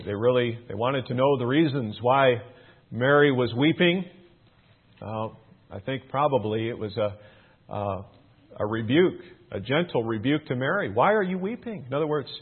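A man's voice: medium pitch, breathy edge. Preacher man on a narrow phone-like line. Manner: measured, repeats key phrases for emphasis. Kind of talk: sermon.

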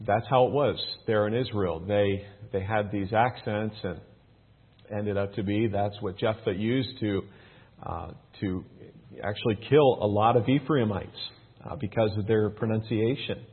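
A man teaching a Bible passage, reading the verses aloud with lifted emphasis, then explaining them in a relaxed, folksy way with plenty of fillers. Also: on the low side, unhurried, husky. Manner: reads scripture louder and more raised, explains in a relaxed folksy way with fillers. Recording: tinny phone-like sound.

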